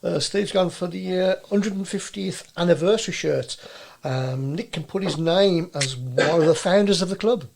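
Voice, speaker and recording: A man's voice: sits high, normal speed, vocal fry, a little mellow, slight background noise. A man co-hosting a casual football podcast, easygoing and agreeable, often chiming in with repeated yeahs. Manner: agreeable, lots of yeah-yeahs. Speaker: podcast co-host.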